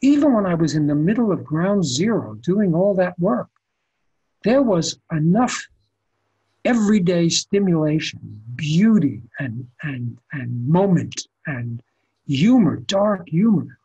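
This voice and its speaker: An older photographer tells anecdotes in a relaxed interview. His voice is husky and sits slightly high. He talks animatedly and often restarts his phrases. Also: takes it slowly, highs cut off. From the Bronx, New York. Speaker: photographer guest. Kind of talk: conversational storytelling interview.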